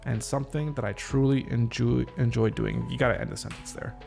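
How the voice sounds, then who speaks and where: A man with a gravelly edge to his voice rehearses a script alone, trying out each line and pausing to question and reword it. His pitch sits in an ordinary middle range. A little music plays faintly behind him. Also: fairly even intonation, a little mellow. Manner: reads lines aloud, stops to rethink and reword. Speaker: podcast host. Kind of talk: casual solo script rehearsal.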